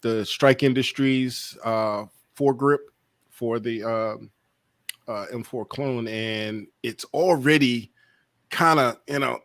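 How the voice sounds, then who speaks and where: A man's voice: medium pitch, takes it slowly, a bit bright, no room sound. A man hosting a casual livestream chat, rambling with lots of fillers and trailing asides. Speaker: podcast host.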